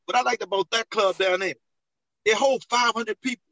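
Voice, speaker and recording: A man's voice: high voice, moderate pace, sharp tone, no echo, soft background music, rough recording. A man in casual conversation as a veteran comedian, advising others and repeating phrases for emphasis. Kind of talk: casual chat.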